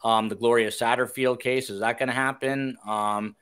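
A man's voice: medium pitch, steady tone, normal speed, a bit bright, clear, resonant tone. A man from New Jersey hosting a podcast, reading listener questions in a chatty, self-deprecating way. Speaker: podcast host.

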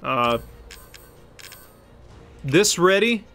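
A man giving chatty, excitable let's play commentary, yelping and laughing while he talks to the enemy on screen. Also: sits high, very slow, soft background music. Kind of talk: live gameplay commentary.

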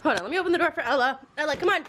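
A woman's voice: high-pitched, lively intonation, racing, a bit bright, faint music behind. A young woman co-hosting a casual home vlog, bantering and teasing playfully at a table. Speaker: vlogger co-host.

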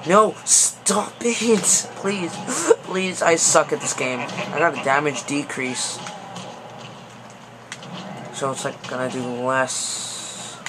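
A young man giving excitable, panicky commentary over a fighting game, pleading and yelling at it. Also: mid-range voice, slow pace, long pauses. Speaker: gaming video host. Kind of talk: gameplay commentary. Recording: noisy background.

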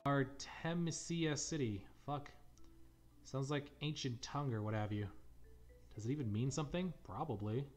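A man's voice: mid-range voice, moderate pace, pauses often, a little mellow, faint music behind. A man casually commenting on a fan game, sarcastic, profane and irreverent. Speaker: let's play gamer. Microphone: desk mic.

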